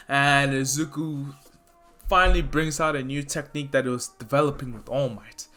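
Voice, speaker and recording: Bright-voiced man narrating casually. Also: mid-range voice, fairly even intonation, normal speed, soft background music. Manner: rambling, filler-heavy, self-correcting. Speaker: fan story narrator. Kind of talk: casual fan-fiction narration.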